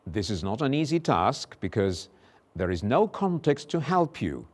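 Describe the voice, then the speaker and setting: A man teaching English pronunciation in a recorded lesson, slowly repeating example words with careful articulation. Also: mid-range voice, big pitch swings, a little mellow.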